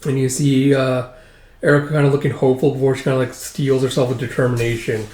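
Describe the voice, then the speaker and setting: A man's voice: mid-range voice, level tone, fast talker, darkish tone. A man recapping a manga in a loose, chatty way, full of fillers. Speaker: manga reader and reviewer. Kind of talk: casual reading narration. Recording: roomy echo.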